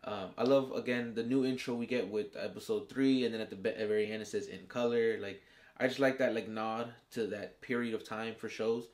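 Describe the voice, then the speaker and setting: A man's voice: fairly low pitch, steady tone, brisk, darkish tone. Slangy, profane male TV reviewer. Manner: slangy and profane, acting out characters' reactions. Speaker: reviewer and show host. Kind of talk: casual TV episode review.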